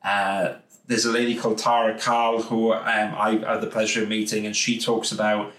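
A Welsh man hosts a podcast in an upbeat, effusive way, piling on thanks and rambling a little. His voice sits on the low side. The recording carries a roomy echo. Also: flat delivery, moderate pace, fairly bright tone. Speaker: podcast host. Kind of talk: casual interview wrap-up.

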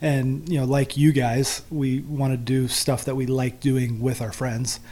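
A man's voice: medium pitch, level tone, measured pace, mellow. Conversational American golf coach man. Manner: conversational, laughs easily. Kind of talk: casual interview conversation.

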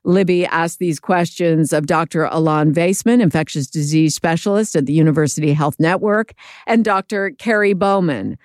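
A woman presents a radio show, reading scripted links in a measured, clear way. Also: on the low side, darkish tone, no room sound, studio quality. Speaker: radio host.

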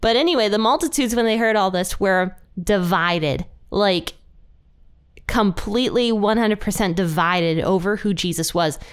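A young woman hosting a podcast, teaching a Bible passage in a chatty, animated way. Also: mid-range voice, normal speed, clear, resonant tone. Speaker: podcast host. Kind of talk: casual Bible study teaching.

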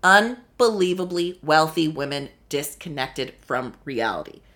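A young woman talks through a reality show on her own, snarky and swearing freely. Her voice is bright and forceful and leaps around in pitch. She keeps the pace loose and casual, breaking into sudden high exclamations. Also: expressive, measured pace. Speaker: podcast host recapping a reality show. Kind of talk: casual solo commentary.

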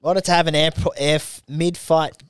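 A man's voice: fairly high pitch, moderate pace, clear, resonant tone, dry recording, studio quality. A young Australian man co-hosting a podcast, telling a crude travel story in casual chat and acting out the people in it. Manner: animated, acts out quotes, heavy swearing. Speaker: podcast co-host.

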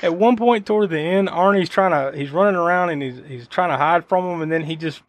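A man's voice: fairly high pitch, brisk, no echo. A man hosting a podcast, chatting casually about a film in a rambling, profane way full of fillers. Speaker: podcast host.

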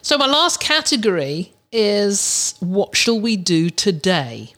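A woman's voice: mid-range voice, very animated, slow, fairly bright tone. A woman hosting a podcast, giving casual advice in a chatty way with many restarts and fillers. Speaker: podcast host.

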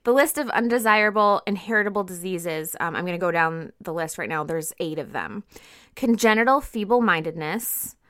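A woman's voice: on the low side, expressive, moderate pace, fairly bright tone. A woman co-hosting a history podcast, reading from her notes with casual asides. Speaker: podcast co-host.

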